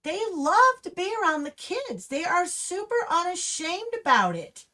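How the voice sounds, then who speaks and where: A woman's voice: very high-pitched, sing-song, measured pace, sharp tone. A woman hosting her own livestream, ranting in an impassioned, restless way. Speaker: livestream host. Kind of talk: angry livestream commentary. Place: Humboldt County, California.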